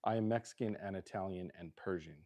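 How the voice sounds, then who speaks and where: A middle-aged man from Southern California rambles through a casual livestream in his home kitchen, joking as he goes. His voice sits a little low, with a mellow, relaxed tone. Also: fast. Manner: loose, rambling and jokey. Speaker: livestream host. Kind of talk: casual livestream chat while cooking.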